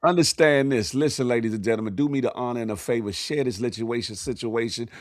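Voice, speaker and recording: A man hosting a casual livestream morning show, giving playful slangy shout-outs to viewers and hyping up the day. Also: medium pitch, fast talker, dry recording. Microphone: phone.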